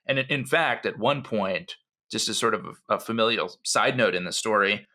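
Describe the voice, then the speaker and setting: A man's voice: on the low side, normal speed, sharp tone. A man co-hosting a podcast, telling a history story in a rambling, conversational way with many asides. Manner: rambling storyteller, frequent "you know" and restarts. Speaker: podcast co-host.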